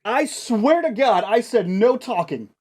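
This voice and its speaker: Man doing a grouchy vice principal, stern, threatening, slightly high voice. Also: normal speed, darkish tone, lightly acted. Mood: irritated. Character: grouchy vice principal yelling at detention kids.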